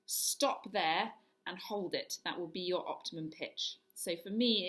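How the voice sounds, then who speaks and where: Woman leading a vocal warm-up. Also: on the low side, a little slow. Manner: demonstrates yawns, hisses, hums and sirens; instructive, step-by-step. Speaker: voice coach.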